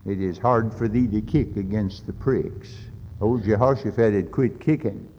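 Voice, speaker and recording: A man preaches with fervent urgency, climbing to loud, pleading peaks and then dropping into dry, folksy asides. His voice comes through an old, dull-sounding recording. A long reverb from a large hall trails after each phrase. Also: on the low side, moderate pace, a little hiss or hum. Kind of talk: sermon.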